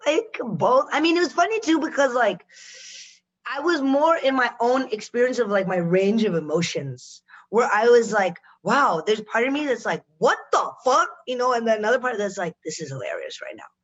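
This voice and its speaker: A woman from Chicago, a guest on a podcast, chatting casually with animated, swearing asides. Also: on the high side, normal speed, muffled recording.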